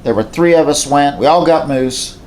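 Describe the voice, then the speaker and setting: A man from southwestern Pennsylvania tells a hunting story to the camera at home, standing beside a mounted moose. His voice sits on the high side, a little mellow, at a moderate pace, with a faint hiss or hum in the audio. He's plainspoken and folksy and tends to repeat himself.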